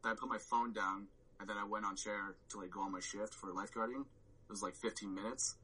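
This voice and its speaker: A man's voice: lowish voice, fairly even intonation, fairly quick, sharp tone, breathy edge, low-quality recording. A man telling a story on a podcast, rambling with lots of "like" and swearing and acting out his own reactions. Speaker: podcast guest. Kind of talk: casual storytelling chat.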